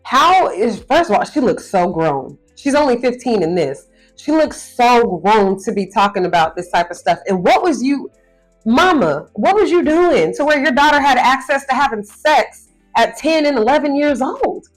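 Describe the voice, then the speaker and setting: High-voiced woman, blunt reaction host. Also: expressive, moderate pace, faint music behind, poor audio. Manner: blunt, scolding, incredulous. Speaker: commentary host reacting to a clip. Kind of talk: casual reaction commentary.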